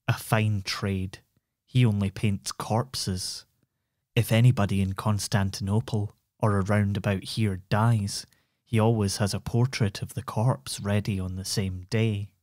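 A man's voice: on the low side, little pitch movement, a little slow, darkish tone, no echo, studio quality, close to an everyday voice. A man voicing a surly male innkeeper who growls and scoffs, in a bedtime storybook reading. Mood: scornful. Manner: growling, scornful.

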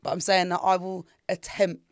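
High-voiced, creaky English guy. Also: normal speed. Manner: laughs often, animated and chatty. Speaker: podcast co-host. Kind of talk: casual podcast chat.

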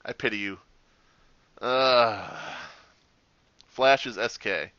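A man commenting on his own game as he plays, sarcastic and quick to swear, with loud reactions. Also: on the low side. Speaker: gaming channel host. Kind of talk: gameplay commentary. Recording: dry, slightly muffled home recording.

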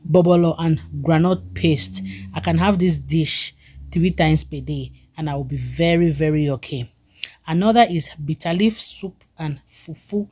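Cameroonian lady vlogging about food, chatty and excited, laughs a lot. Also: low voice, breathy edge. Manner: enthusiastic, chatty, laughs easily. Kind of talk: presenting a food list.

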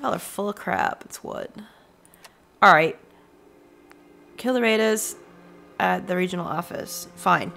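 A woman streaming a video game, chatting casually with viewers, sarcastic and profane, often breaking into loud laughter. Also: on the low side, unhurried, vocal fry, long pauses, slight background noise. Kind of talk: casual let's-play commentary.

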